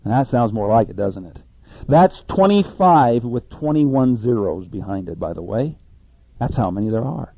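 A man's voice: mid-range voice, lively intonation, normal speed, no room sound. Guy preaching, folksy and rambly, kinda muffled dry audio. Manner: folksy, conversational with self-corrections and chuckles. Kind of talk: sermon.

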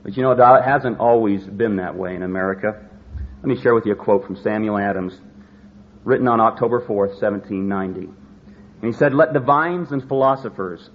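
A man preaching a sermon, stressing key words and slowing down to drive his points home. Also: medium pitch. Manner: emphatic, slows down to stress words. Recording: slightly dull lo-fi recording with faint noise.

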